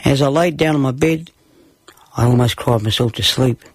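A man's voice: medium pitch, normal speed, husky, dry recording. A man with an Australian accent telling a story from his own childhood. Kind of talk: narrated personal story.

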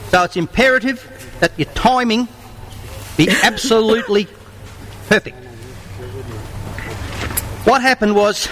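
A man's voice: high voice, a bit bright, slight background noise, low-quality recording. An Australian man with a cheeky, bawdy manner, leading an audience sing-along with comic stage patter at a live venue. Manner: cheeky, bawdy banter with the crowd.

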